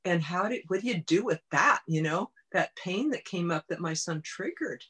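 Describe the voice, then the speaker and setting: A woman's voice: on the low side, lively intonation, normal speed, a bit bright, breathy edge. A woman coach and podcast guest, telling a personal story in an earnest, heartfelt way. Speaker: guest, body-mind coach.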